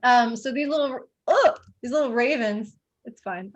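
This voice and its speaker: A woman runs a tabletop game as dungeon master. Her voice sits a little high, and she rambles through her narration with many fillers and frequent giggles. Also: normal speed.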